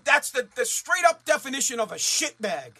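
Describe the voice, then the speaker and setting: High, bright-voiced ranting radio man. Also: big pitch swings, normal speed, slightly rough. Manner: blunt, profane and fired up. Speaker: radio host. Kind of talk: ranting talk radio monologue.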